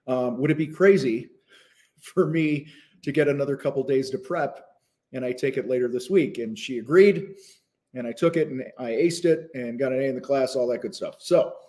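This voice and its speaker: A man's voice: mid-range voice, normal speed, dark tone. A man hosting a live stream about selling, talking casually and loosely with many fillers and restarts, and eating as he talks at times. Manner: talks with his mouth full at times. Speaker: host of a live business show. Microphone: phone.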